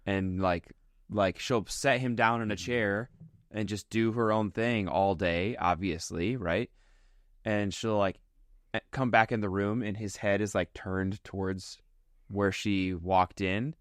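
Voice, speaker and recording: A man co-hosting a casual movie podcast, describing a film in a relaxed, chatty way. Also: fairly low pitch, unhurried, no echo, clean studio sound. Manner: relaxed, chatty storytelling with many fillers. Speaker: podcast co-host. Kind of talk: casual chat.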